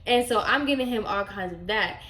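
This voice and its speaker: A young woman recounting a story in a casual storytime vlog, animated and sassy, with plenty of fillers. Her voice sits at an ordinary middle pitch. The room around her is echoey and hollow. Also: fairly quick, a little hiss or hum. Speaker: vlogger.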